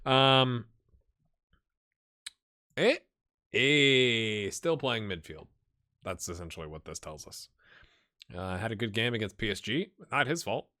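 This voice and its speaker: A man's voice: slow, pauses often. A man hosting a gaming channel, thinking aloud in casual commentary and talking straight to his virtual players. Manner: animated, jumps high when excited.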